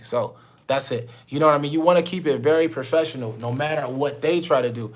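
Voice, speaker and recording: A man's voice: on the high side, fast talker. A young man coaching his mentorship group on a call, blunt and preachy, full of slang and swearing. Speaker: business mentor. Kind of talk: motivational talk on a call.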